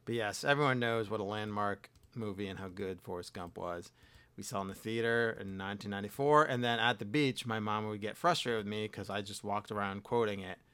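A man's voice: on the low side, a little fast, pushed and bright, clean tone. A man co-hosting a casual podcast, reading old newspaper ads aloud and joking about them. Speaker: podcast co-host. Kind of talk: casual chat.

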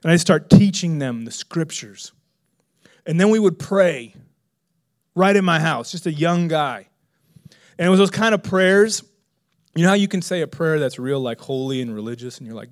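A middle-aged male pastor telling a story in a sermon, animated, bursting into loud excited exclamations. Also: a little high, moderate pace, long pauses.

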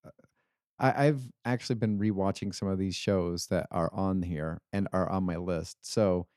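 A man from Utah co-hosts a casual podcast chat. His voice is low and mellow, and he tells animated anecdotes with plenty of energy. The sound is dry and close. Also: moderate pace, no echo. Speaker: podcast co-host.

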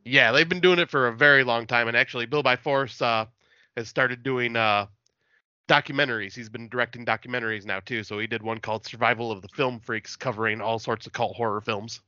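A laid-back man chats as a podcast guest, spinning loose stories full of swearing and quick laughs. His voice is bright and forward. The sound is dry, with a slightly dull, muffled call quality. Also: mid-range voice, steady tone, no room sound. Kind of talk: casual podcast chat.

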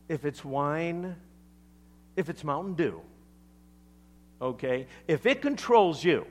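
A man preaching a sermon, animated, acting out quotes with sudden loud bursts and often checking in with "okay?". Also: a little high. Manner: keeps asking "okay?". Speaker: pastor.

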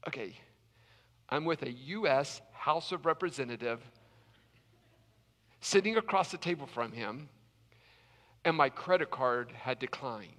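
A man's voice: mid-range voice, a bit bright, big-room sound. A middle-aged man preaching a sermon from South Carolina, telling a personal story with emphatic repetition. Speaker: pastor.

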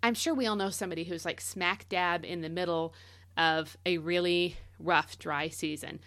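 A woman's voice: lowish voice, fairly even intonation, moderate pace, fairly bright tone, dry recording. A woman hosting a devotional podcast, teaching in a casual, conversational way and leaning hard on key words.

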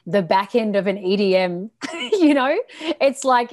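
Animated Australian woman coach. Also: fairly high pitch, slow, pauses often, no echo. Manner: animated, swears casually, laughs often. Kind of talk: casual podcast conversation.

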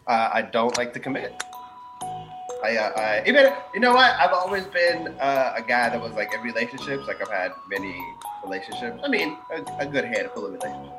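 A man's voice: mid-range voice, big pitch swings, brisk, over music. A man co-hosting a casual podcast chat, joking and laughing about his love life. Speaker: podcast co-host.

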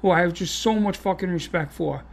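A man's voice: high-pitched, fairly quick, creaky. A man who teaches Kung Fu, hosting a casual chat and telling stories with lots of swearing and laughter. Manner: swearing, animated storyteller who laughs often. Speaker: podcast host and Kung Fu teacher.

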